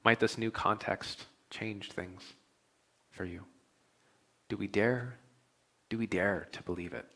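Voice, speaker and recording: Bright-voiced male pastor preaching emphatically. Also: lowish voice, slow pace, long pauses. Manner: emphatic, building repeated phrases, then dropping to quiet asides. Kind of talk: sermon.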